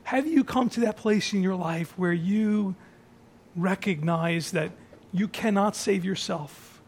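A high-pitched male pastor delivers a communion sermon. He builds phrases through repetition, dropping to near-whispers and then rising to strong, raised lines. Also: takes it slowly, husky. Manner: dramatic swings from soft near-whisper to raised, shouted phrases; repeats phrases for emphasis.

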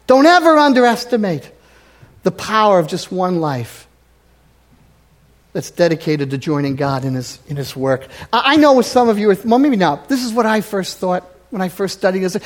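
A high-voiced male pastor preaching in a church sanctuary. He is emphatic, rising to loud exhortation and then dropping to hushed near-whispers. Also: animated, moderate pace. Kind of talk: sermon.

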